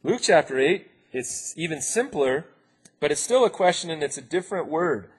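A man's voice: fairly high pitch, lively intonation, normal speed, slightly rough. A man preaching a conversational sermon, acting out the quoted voices and laughing now and then.

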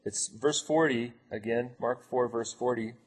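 A man's voice: mid-range voice, a little slow, husky. A man preaching a conversational sermon, acting out the quoted voices and laughing now and then.

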